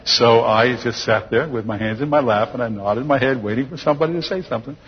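An older man telling his personal testimony to an audience as a chuckling, lively storyteller. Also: medium pitch, fast talker. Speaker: speaker giving a personal testimony. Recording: dull lo-fi recording with long hall reverb.

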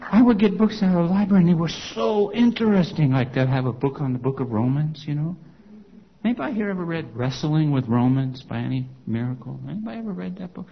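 A man's voice: fairly high pitch, expressive, normal speed, muffled recording, a little hiss or hum. A man, a former congregation elder, telling his personal testimony to an audience in a conversational storytelling way, full of "you know" and "okay?" asides.

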